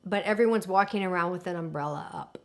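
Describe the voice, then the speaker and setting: A woman in a documentary interview, telling a personal story in an animated, emotional way with lots of fillers. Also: on the low side, fast. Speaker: interviewee recounting alien contact.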